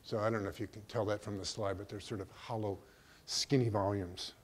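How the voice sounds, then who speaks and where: A man's voice: on the low side, fairly even intonation, a little fast. Hesitant older man giving a talk. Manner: hesitant, full of ums and restarts. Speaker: artist giving a museum talk. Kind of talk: slide lecture.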